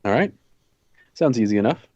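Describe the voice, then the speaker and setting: A man's voice: mid-range voice, lively intonation, normal speed, darkish tone, husky, no echo, lo-fi sound. A man playing his character in a tabletop game, casual and thoughtful. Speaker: player. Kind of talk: in-character tabletop role-play.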